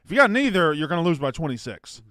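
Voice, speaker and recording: Bantering man with a smooth voice. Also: on the high side, very animated, fast, sharp tone, dry recording, studio quality. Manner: rambling, jokey, swears freely. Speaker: podcast co-host. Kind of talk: casual sports chat.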